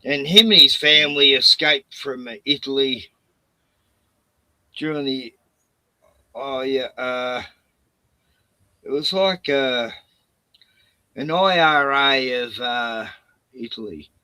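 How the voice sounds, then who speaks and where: A man's voice: medium pitch, takes it slowly, long pauses, sharp tone, smooth, no room sound, rough recording. An older man, hosting a casual stream chat, swearing freely and laughing through his anecdotes.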